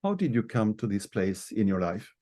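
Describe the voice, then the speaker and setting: A man from Sweden, a board member, hosting and introducing an online training in a formal, measured, announcement-like way over a video call. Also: on the low side, sing-song, warm tone.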